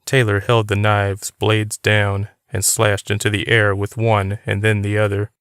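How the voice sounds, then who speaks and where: A man reads an audiobook in a steady, unhurried way. His voice sits low and sounds smooth and clear. The recording is close and dry, with no room around it. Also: dry recording. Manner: steady, even reading. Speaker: audiobook reader. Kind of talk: audiobook narration.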